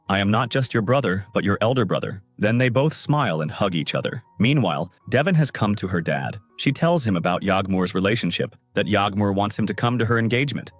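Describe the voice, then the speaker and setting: A man narrating a drama recap in a scripted style, reading all the characters' lines in his own voice. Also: no room sound. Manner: reads every character's lines in his own voice, lively pitch.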